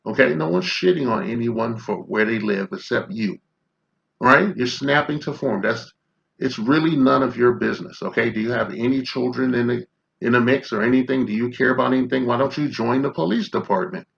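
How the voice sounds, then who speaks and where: Gravelly, confrontational man in his fifties. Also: mid-range voice, fairly quick, fairly bright tone, muffled recording. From Chicago. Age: 50s. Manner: confrontational, profane, rhetorical questions. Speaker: commentary vlogger. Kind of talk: ranting commentary.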